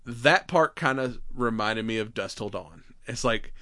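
Bright-voiced man recapping a movie. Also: medium pitch, a little slow, no room sound, clean studio sound. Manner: animated retelling, acts out character lines, laughs often. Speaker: podcast co-host. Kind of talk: casual movie recap chat.

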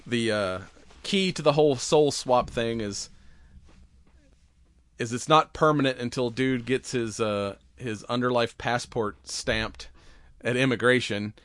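A man's voice: mid-range voice, unhurried, fairly bright tone, dry recording. Rambling, laughing man recapping a movie. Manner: rambling, laughs often, swears freely. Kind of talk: casual movie recap chat.

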